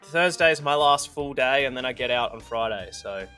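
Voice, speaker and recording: A man's voice: mid-range voice, expressive, normal speed, bright, forceful tone, soft background music. A young man co-hosting a podcast in casual chat, laughing often and poking fun at himself. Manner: laughs often, chatty and self-mocking. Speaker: podcast co-host.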